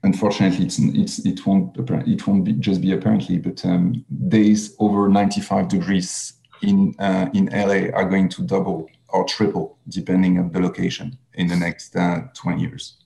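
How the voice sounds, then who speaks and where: A man with a French accent gives a webinar talk over a video call. His voice is low and gravelly with a mellow, dark tone, and he speaks haltingly with many fillers and restarts. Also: flat delivery. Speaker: presenter. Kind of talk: webinar presentation.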